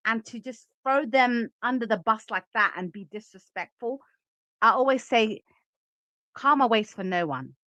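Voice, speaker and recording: A woman talks straight to her viewers in casual livestream commentary, opinionated and emphatic as she reacts and reads out the chat. Her voice is bright and forward, and the recording is dry and close with no room sound. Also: a little high, animated, normal speed, no room sound. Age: adult.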